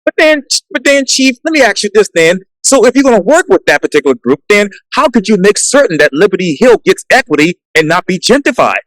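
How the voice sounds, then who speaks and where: A man with a high, lively voice hosts a one-on-one interview. His questions are formal and respectful. The sound is dry and close, with no room echo. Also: a little fast, few pauses. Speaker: interview host.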